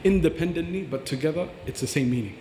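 A man's voice: on the high side, fast talker, dark tone, echoey room, long reverb tail, a little hiss or hum. A man teaching about Quran recitation on a podcast, earnest and explanatory, demonstrating pronunciations aloud.

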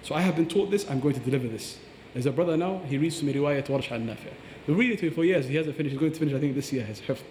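A fast-talking man with a mellow voice explains recitation like a patient teacher, slipping into recited Arabic phrases. He sounds roomy, with a long reverb trailing his words in a large hall. Faint ambience sits behind him. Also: on the high side, slight background noise. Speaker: Quran teacher. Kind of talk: podcast explanation.

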